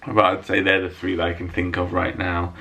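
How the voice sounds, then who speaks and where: A man's voice: deep voice, level tone, brisk, pushed and bright, a little hiss or hum. A man talking casually to camera at home, answering viewer questions in a jokey, self-mocking way. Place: room at home lit by a window.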